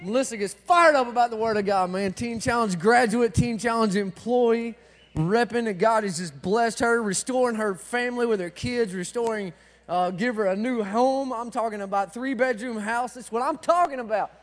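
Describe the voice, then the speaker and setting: A man preaching an energetic sermon, telling a story loudly, sometimes shouting and talking back and forth with the crowd. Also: very high voice, normal speed. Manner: loud, excitable, shouting at times, talks to the crowd. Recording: echoey hall.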